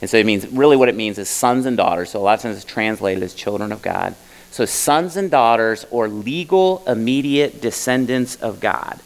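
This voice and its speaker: A man's voice: lowish voice, expressive, moderate pace, rough recording. A man preaching a sermon as pastor to a congregation, in a casual, conversational way full of asides and tag questions. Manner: casual, conversational, with many "you know" and "right?". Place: church hall with a congregation.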